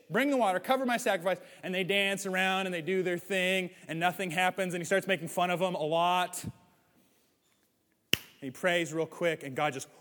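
High-voiced preacher with hall echo. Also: male voice. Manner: animated, swings from loud to hushed, acts out quotes. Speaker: pastor. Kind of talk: sermon. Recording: hall reverb.

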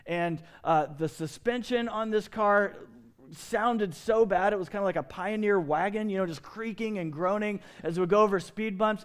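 A middle-aged man and pastor, preaching a sermon with lively storytelling and big swings in pitch and loudness. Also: clean tone.

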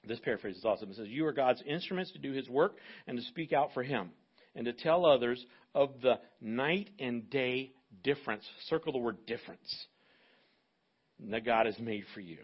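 A man preaching a sermon as pastor, animated and acting out little dialogues in different voices. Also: medium pitch, normal speed, slightly rough, muffled recording.

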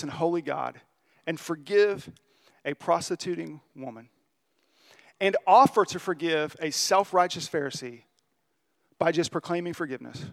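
Earnest and confessing, a pastor speaks his sermon conversationally and at ease, in a gravelly voice a touch higher than typical for a man. When a story reaches its key lines, he slows to give them weight.

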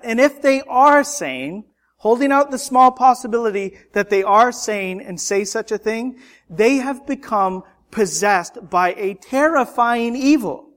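Man, preacher, sermon, high-pitched, slow, fervent, rhetorical. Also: lively intonation. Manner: impassioned, rhetorical, swings between loud emphasis and hushed lines.

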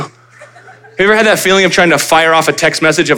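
A man preaching a sermon as pastor, conversational and animated, acting out little asides for his congregation. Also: a little high, very fast, clean tone. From United States.

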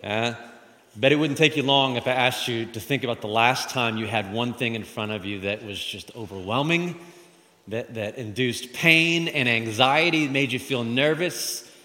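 A man's voice: medium pitch, moderate pace, bright, forceful tone. A man preaching a sermon in a conversational way, repeating phrases and asking the congregation questions. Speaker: pastor. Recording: long hall reverb.

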